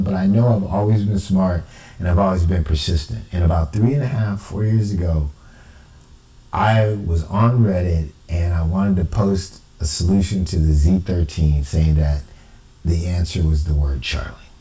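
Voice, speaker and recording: A man's voice: deep voice, normal speed, warm tone, echoey room, far from the mic, low-quality recording. A man, an amateur cipher investigator, talking in an emphatic, indignant personal monologue. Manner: emphatic, indignant, quotes others in exaggerated voices.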